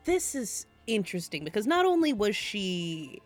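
Lively woman, podcast co-host. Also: mid-range voice, faint music behind. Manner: animated, incredulous reactions, quick asides. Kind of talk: casual chat.

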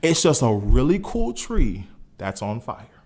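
A pastor with a mid-range voice speaks a little slowly as he preaches a sermon. He's animated and conversational, asking his listeners questions and telling them to write things down.

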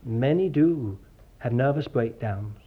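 A man's voice: medium pitch, expressive, takes it slowly, breathy edge. Earnest man preaching, dull recording. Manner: earnest, digressive, addresses listeners as dear child of God. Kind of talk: sermon.

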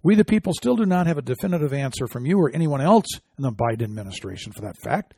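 A man's voice: medium pitch, very animated, quick pace, warm tone, breathy edge, dry recording, clean studio sound. A man hosting an opinion commentary show, reading quotes aloud and answering them with indignant, scoffing remarks.

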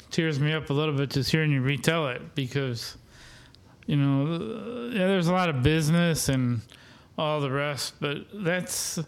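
A man co-hosting a podcast, reflecting thoughtfully on sports stories in a relaxed chat. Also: a little high, clean tone. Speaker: podcast co-host.

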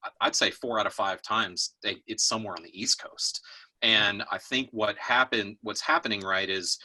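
A middle-aged man from Texas chats easily on a podcast, tossing in "you know" and "right?" as he goes. His low voice is bright and a bit husky. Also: fairly even intonation, normal speed. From Austin, Texas. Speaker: guest, fashion week founder. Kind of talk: casual podcast chat.

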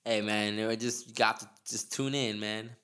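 A man's voice: fairly low pitch, fairly even intonation, normal speed, pushed and bright, clear, resonant tone. A man hosting a podcast in casual chat, rambling with slang and lots of restarts. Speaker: podcast host.

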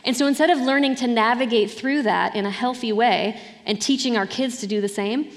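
A woman preaching a sermon in a conversational way, often checking in with her listeners. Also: a little high. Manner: conversational, often asks "right?". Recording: hall reverb.

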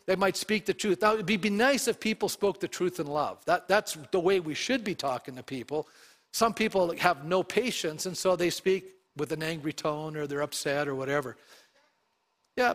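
A man's voice: high voice, fairly bright tone. A middle-aged male pastor preaching a sermon, reading scripture aloud and putting questions to his congregation. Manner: reads scripture aloud with emphasis.

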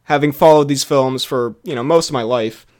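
A man's voice: mid-range voice, normal speed, a little mellow. A young man co-hosting a casual film review podcast, talking in a rambling way with lots of fillers and restarts. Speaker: podcast co-host.

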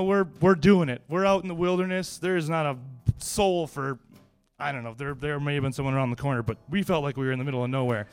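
A man telling a personal anecdote in a lively, casual way, laughing often and restarting his sentences. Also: fairly high pitch, clear, resonant tone. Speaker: storyteller.

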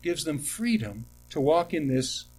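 A middle-aged man preaching a sermon, with animated emphasis that drops to quiet asides and personal stories told with restarts. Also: on the high side, a little slow. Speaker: pastor.

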